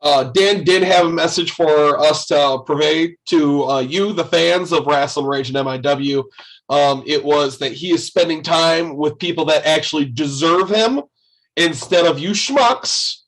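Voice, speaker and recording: Man co-hosting, deadpan jokes, slightly high-pitched voice. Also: measured pace, low-quality recording. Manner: wisecracking, deadpan. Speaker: co-host. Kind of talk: casual chat.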